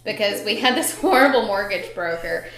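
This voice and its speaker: A woman's voice: mid-range voice, lively intonation, moderate pace, a bit bright, reverberant. A pregnant woman hosting a podcast, chatting casually and bubbly, with lots of "like" and laughter. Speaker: podcast host. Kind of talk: casual chat.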